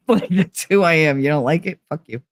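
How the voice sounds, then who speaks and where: A woman's voice: low voice, moderate pace, no room sound. Woman, stuffy congested voice, casual livestream chat, blunt, laughs a lot, dry close sound. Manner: blunt, laughs often, talks back to chat. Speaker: livestream host reading chat.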